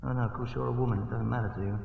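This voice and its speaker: A British man doing theatrical comic banter as a guest entertainer, bursting into loud rhetorical outcries. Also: medium pitch, steady tone, rapid-fire, creaky, a little hiss or hum. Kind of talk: comic stage banter on a TV variety show. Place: TV studio stage. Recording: echoey, distant, dull lo-fi 1960 TV broadcast.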